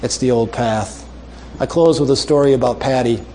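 A male preacher closing a sermon with a story, making earnest, repeated appeals and dropping soft and low for emphasis. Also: normal speed, a little hiss or hum.

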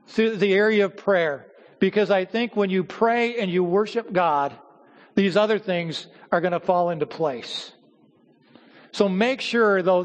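A male pastor delivers a teaching sermon in a high-pitched voice. He speaks in measured phrases, pausing and repeating words as he explains each point. His voice rings out with a long reverb from the church hall. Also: highs cut off.

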